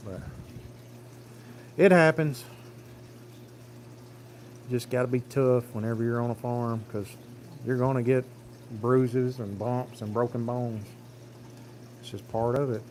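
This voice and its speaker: A man's voice: mid-range voice, fairly even intonation, moderate pace, pauses often, a little hiss or hum. A man, telling a rambling, plain-spoken farm story on a phone livestream. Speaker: farm vlogger. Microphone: phone camera.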